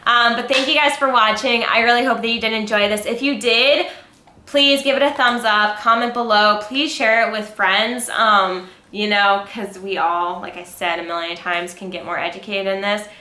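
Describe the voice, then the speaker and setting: Chatty young woman vlogging, bright and echoey. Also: mid-range voice, fairly even intonation, moderate pace. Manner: chatty, rambling, lots of fillers and "like". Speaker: fitness and health vlogger. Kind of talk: casual educational vlog. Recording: echoey room.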